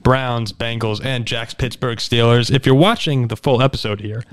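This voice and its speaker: Brief: male podcast host, mid-pitched, upbeat and chatty, runs the show. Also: normal speed. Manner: upbeat, steers the show and asks for likes and comments. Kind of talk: casual sports talk.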